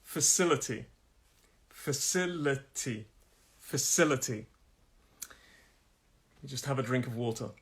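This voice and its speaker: A man's voice: medium pitch, breathy edge. Chatty British man teaching pronunciation. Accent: British English. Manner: chatty, repeats words slowly with stress, laughs often. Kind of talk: live-streamed language lesson. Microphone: phone.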